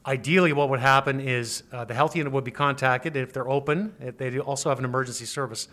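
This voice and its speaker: A male lawyer explaining rules in an interview, speaking in a measured, precise and formal way. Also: mid-range voice, fairly even intonation, fairly bright tone. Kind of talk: expert interview.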